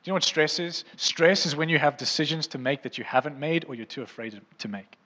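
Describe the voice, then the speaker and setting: A man's voice: a little high, quick pace, pushed and bright, big-room sound. A male preacher giving a conversational sermon who keeps checking in with the congregation. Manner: conversational, asks the crowd often. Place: church hall.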